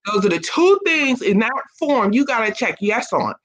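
A woman's voice: a little high, very animated, normal speed, low-quality recording. A woman in casual conversation as a guest, an autism mom telling her story with energy and acting out the voices of people she quotes. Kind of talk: casual chat.

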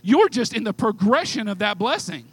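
A man preaching a sermon with fervent, pleading delivery, moving from hushed asides to loud calls. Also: sits high, sing-song, moderate pace, husky, low-quality recording. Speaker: pastor.

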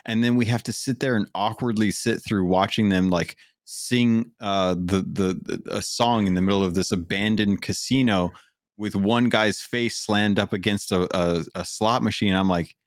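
A man's voice: on the low side, fairly even intonation, normal speed, no echo, clean studio sound. A man hosting a gaming podcast, talking casually and rambling with many restarts. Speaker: podcast host. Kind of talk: casual chat.

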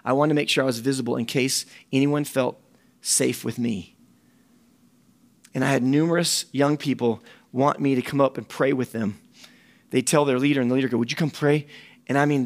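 Earnest man with a gravelly voice. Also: medium pitch. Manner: animated and earnest, repeats words. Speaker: ministry director and speaker. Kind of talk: storytelling sermon talk.

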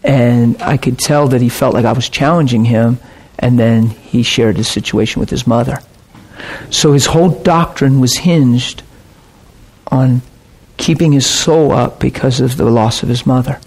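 Husky guy giving an intense sermon, tells a story back and forth with lots of quoted dialogue. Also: mid-range voice, a little slow, a little mellow.

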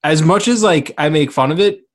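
A man's voice: on the high side, brisk. A young man co-hosting a casual chat, jokey and teasing. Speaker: podcast co-host.

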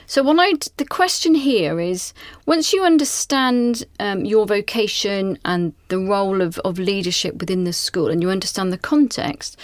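A woman's voice: medium pitch, no room sound. Woman talking thru advice for school leaders, earnest, lots of rhetorical qs, dry close sound. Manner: earnest, reflective, asks many rhetorical questions. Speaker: national director of school inspections. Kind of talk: advisory conversation.

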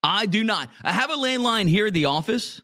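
A man hosts a live morning radio show from his little office studio. His voice sits fairly high for a man, and he talks in a loose, chatty way, tossing in "dude" as he runs through sponsor reads. The sound is close and dry, with no room echo. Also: animated, fairly quick, sharp tone. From Louisiana. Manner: laid-back, chatty, says dude a lot. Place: small home office studio.

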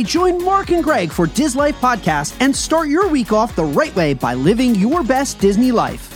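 An announcer gives a scripted network promo with a bouncy, rising and falling delivery. Light background music runs under the voice. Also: mid-range voice.

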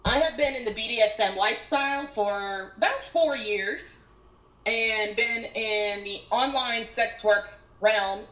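A woman's voice: on the high side, measured pace, fairly bright tone. A woman from Georgia in the United States with a slight Southern accent, chatting as a podcast guest. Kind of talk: casual interview chat. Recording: roomy echo.

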